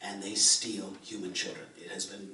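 A man's voice: deep voice, level tone, normal speed, sharp tone, slight background noise. A man, a folk minstrel, telling a fairy tale to a live audience in a playful, theatrical way with joking asides. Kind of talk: live storytelling between songs. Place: indoor live concert venue with an audience. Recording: roomy live recording from far off.

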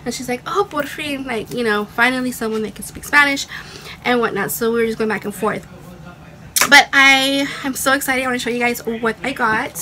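A young woman chatting excitedly in a casual vlog at home, rambling with restarts. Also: a little high, a little fast, background noise. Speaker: beauty and fashion vlogger.

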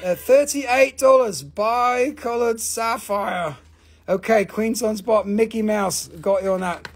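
A man's voice: high-pitched, slow. A man hosting a live stream that sells rocks, chatting in a profane, rambling way and laughing often. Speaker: host of a live rock sale. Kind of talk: live-stream sales chat.

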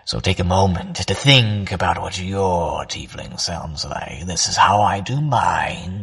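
A man teaching voice acting, walking listeners through how a character might sound in a calm, reflective way. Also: deep voice, normal speed, gravelly, hardly any pauses, breathy edge. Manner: explains voice traits in a calm, reflective way. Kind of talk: instructional talk.

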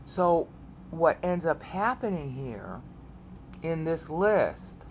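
A woman's voice: low voice, sing-song, slow, darkish tone, a little hiss or hum. A woman casually walking viewers through online resources, rambling, repeating herself and often asking "okay?". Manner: rambling, repeats words, frequent "okay?" check-ins. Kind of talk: casual screen-share walkthrough.

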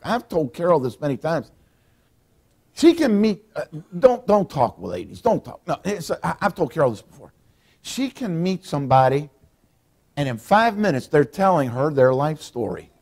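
A man's voice: medium pitch, a little mellow. A middle-aged man preaching a folksy sermon as pastor, acting out what people say. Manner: folksy preaching, acts out quotes.

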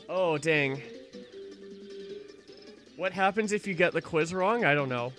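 A man's voice: a little high, measured pace, long pauses, fairly bright tone, faint music behind. A man giving casual, jokey commentary over a video game, laughing often. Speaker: let's play gamer.

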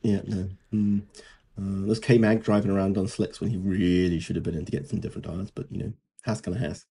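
A man's voice: low voice, fairly even intonation, fairly quick, gravelly, dark tone, breathy edge. A man, co-hosting a podcast in casual, sarcastic chat. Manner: dry, sarcastic, mocking impressions. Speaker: podcast co-host.

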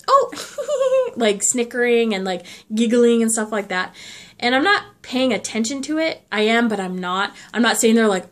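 A young woman vlogger telling a story in a chatty, casual way, full of "like", and coughing often. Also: on the high side. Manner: chatty, lots of filler "like".

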